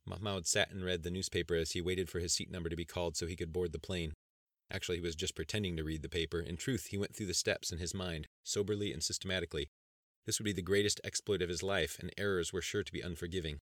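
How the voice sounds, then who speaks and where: A man reading an audiobook in steady, measured narration. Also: low-pitched, dry recording, studio quality.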